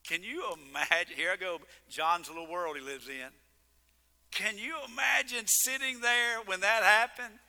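A man preaching in an animated, exclaiming way, trading jokes with the people in the pews. His voice sits high and sounds very bright and sharp. It carries a long reverb, the sound of a big church sanctuary. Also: normal speed. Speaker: pastor. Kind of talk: sermon. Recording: long reverb of a large hall.

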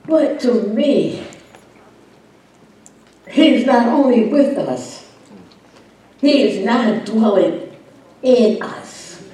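A woman preacher delivers a sermon at a slow, deliberate pace, leaning hard on each phrase and swelling to loud, fervent peaks. Her voice rings through a very echoey room and is picked up from a distance. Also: sits low, a little hiss or hum. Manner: emphatic, swelling to loud climaxes.

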